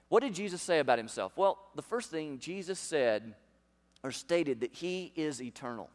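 A pastor preaching a sermon to his congregation, emphatic and full of rhetorical questions. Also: on the high side. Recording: long hall reverb.

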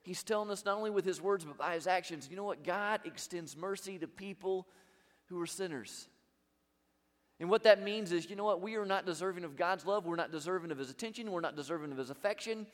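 A man preaching a sermon as pastor, emphatic, with big swings between loud and quiet. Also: high-pitched, brisk, big-room sound.

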